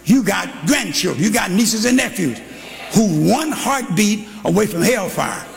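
An older man preaching a sermon, telling a story and shouting to a congregation in call-and-response. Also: high voice, animated, unhurried, gravelly. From Texas. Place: church hall. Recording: live in a reverberant church with congregation.

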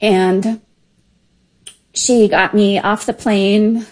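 A woman in her fifties telling a personal memory in a slow, emotional, halting way. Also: mid-range voice, a little mellow, rough recording. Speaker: story contributor. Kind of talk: personal storytelling.

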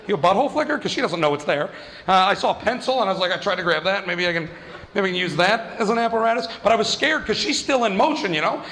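A man doing stand-up storytelling, animated, acting out the voices of people in his story. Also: high-pitched, fast. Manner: animated, acts out quoted voices. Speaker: stand-up comedian.

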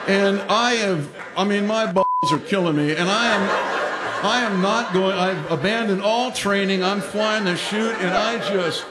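High-voiced man telling a comic story. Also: a little slow. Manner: animated, self-mocking, acts out quotes. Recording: roomy hall with audience laughter.

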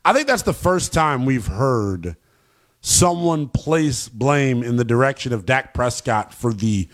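A man hosting a call-in sports radio show, brash and animated as he trash-talks teams with callers. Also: mid-range voice, a little slow.

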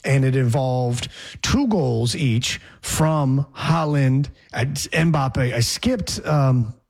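A man's voice: medium pitch, drawn-out words, darkish tone. A man hosting a sports talk show, chatting casually with rambling, sarcastic asides.

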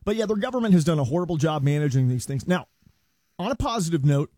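A male radio co-host with a notably high yet mellow, warm-toned voice trades sarcastic jabs in political banter. He chuckles at his own lines, and his voice sounds dry and close on a studio mic. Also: lively intonation, quick pace, dry recording. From United States. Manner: wry and sarcastic, laughs at his own jokes.

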